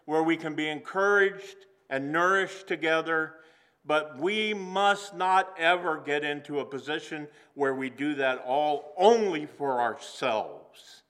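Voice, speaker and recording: Bright-voiced preaching man. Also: on the high side. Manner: earnest preaching with slowed emphatic phrases. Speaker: pastor. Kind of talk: sermon. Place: church sanctuary.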